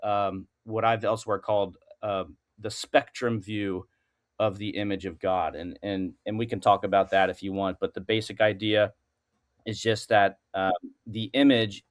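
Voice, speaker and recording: A man who is a podcast guest, explaining a philosophical argument step by step. He thinks aloud, uses many fillers, and keeps checking in with "right?". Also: on the low side.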